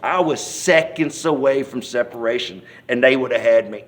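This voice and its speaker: A man's voice: mid-range voice, normal speed. Man telling a folksy testimony. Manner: animated storyteller, acts out scenes and hollers quoted cries; folksy, rambling speech with many restarts. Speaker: church member giving testimony. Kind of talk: personal testimony told in an interview.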